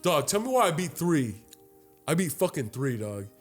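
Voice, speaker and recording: A young man co-hosting a podcast, telling a long story in a casual, profane, animated way and acting out the other people's lines. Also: a little high, normal speed, soft background music. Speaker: podcast co-host. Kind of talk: casual chat.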